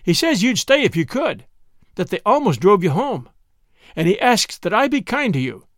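A man voicing a spirited young woman who is excitable and in love, speaking in breathless, eager exclamations. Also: sits high, moderate pace, dry recording, clean studio sound. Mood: excited.

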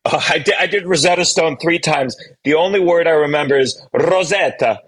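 A man who is a stand-up comedian, chatting as a guest in an interview, quick and self-deprecating with many restarts. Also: a little high, a bit bright, husky, rough recording. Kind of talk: casual interview chat.

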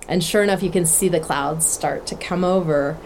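A woman telling a personal story in a casual, lively way, laughing now and then and acting out what was said. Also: lowish voice, normal speed, slight background noise. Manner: lively, laughs while telling, acts out quotes. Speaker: interviewee telling a hiking story.

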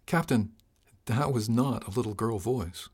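A man's voice: medium pitch, unhurried, darkish tone, slightly rough. A man reading an audiobook, voicing a wry male helmsman who speaks bluntly and with dry cheek. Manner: blunt, dry, lightly insolent. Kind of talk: audiobook character voice.

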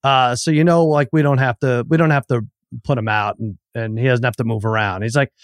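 A man's voice: medium pitch, fairly even intonation, brisk, dry recording, studio quality. A middle-aged man co-hosting a podcast, telling a rambling story in casual chat and acting out the quotes. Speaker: podcast co-host.

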